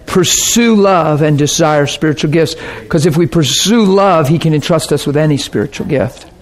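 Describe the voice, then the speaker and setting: A male preacher delivering a sermon in a conversational, earnest tone. His voice sits a little high for a man, and he keeps turning to the crowd to ask if they follow. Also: normal speed. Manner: earnest, conversational, often checks in with the audience.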